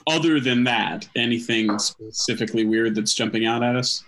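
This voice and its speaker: A man's voice: medium pitch, moderate pace, fairly bright tone, a little hiss or hum. Matter-of-fact male player. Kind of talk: casual tabletop play.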